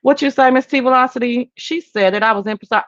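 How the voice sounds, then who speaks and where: A woman hosting a casual livestream chat and reading viewer comments. She talks in an animated, emphatic, sassy way, swinging between high exclamations and low asides. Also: fast, no echo, highs cut off. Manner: sassy, talks straight to viewers as "girl" and "child". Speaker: livestream host.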